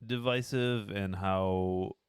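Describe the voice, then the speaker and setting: A man's voice: fairly low pitch, fairly even intonation, slow, smooth, no echo, clean studio sound. A man co-hosting a podcast, giving brief laid-back replies and laughing easily in casual banter. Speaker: podcast co-host.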